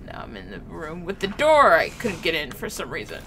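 A woman's voice: fairly low pitch, big pitch swings, moderate pace, bright, forceful tone, a little hiss or hum. A woman streaming a horror game, giving playful commentary and chatting to game objects and creatures. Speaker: gaming streamer.

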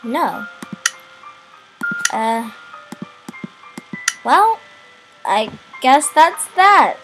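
A young woman reacting out loud to a game cutscene as a gaming video host, with emotional, expressive exclamations. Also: high voice, drawn-out words, over music, rough recording. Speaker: gaming YouTuber.

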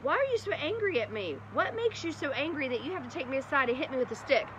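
A woman voicing a frightened, indignant female donkey in a shrill, squeaky put-on voice, over outdoor noise. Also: big pitch swings, fast, highs cut off. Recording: noisy outdoor background.

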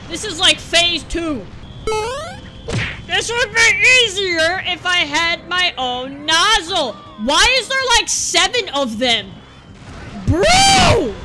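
A young woman commentating a platform game as a let's play host, exasperated and breaking into shouty outbursts, over game music. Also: very high voice. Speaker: gaming channel host.

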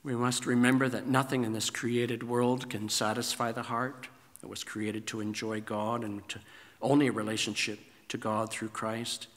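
A man preaching a sermon as pastor, emphatic, his voice climbing high on rhetorical questions. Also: a bit bright. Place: church sanctuary. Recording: reverberant church sanctuary.

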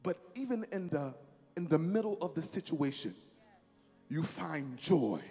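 A man's voice: fairly high pitch, animated, measured pace, mellow, husky, in a large hall, soft background music. A man preaching a sermon to a church congregation, emphatic and repetitive, leading the crowd in call-and-response.

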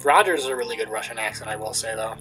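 A man's voice: on the low side, fast, sharp tone, faint music behind. A man in casual game commentary, reading dialogue aloud and adding chatty, self-deprecating asides. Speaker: let's play streamer.

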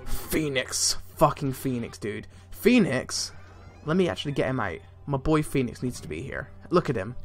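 A young man giving casual, excitable gameplay commentary, swearing a lot and laughing often. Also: mid-range voice, normal speed, hardly any pauses. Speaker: let's play gamer. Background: faint game music.

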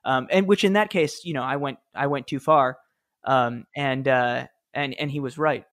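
A man's voice: mid-range voice, moderate pace, fairly bright tone. A man in his thirties, a podcast guest, telling stories in a chatty, easygoing way with fillers and small laughs. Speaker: podcast guest, former speechwriter. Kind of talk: casual interview storytelling.

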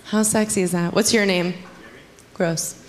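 A young woman performing a stand-up comedy set, chatty and teasing the audience, with sudden high squeals in her bits. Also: steady tone, unhurried. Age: young adult. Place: comedy club stage. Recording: loud background noise from audience.

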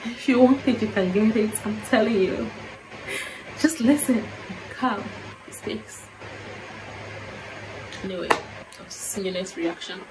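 A woman earnestly reacting to a worship song on her vlog, growing fervent and then quiet and reflective. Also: medium pitch, a little slow, background noise. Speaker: music reaction vlogger. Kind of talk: emotional worship music reaction.

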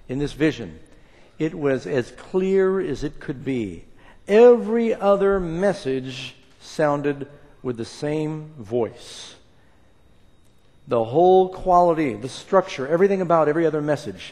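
A man preaching a sermon and reading scripture aloud, with an emphatic delivery that swings between hushed and loud. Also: a little high. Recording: long reverb of a large hall.

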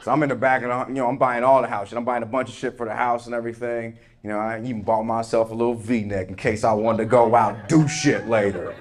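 A man's voice: medium pitch, steady tone, fast talker, few pauses. A young man performing a stand-up comedy set in a club, telling a story and acting out both sides of the conversation. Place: comedy club stage before a live audience. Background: audience laughter.

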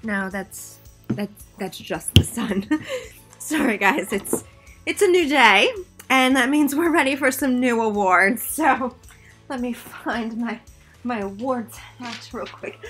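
A woman's voice: on the high side, slow pace, a bit bright, faint music behind. A woman theater teacher presenting awards in a playful, theatrical, jokey way, often interrupting herself.

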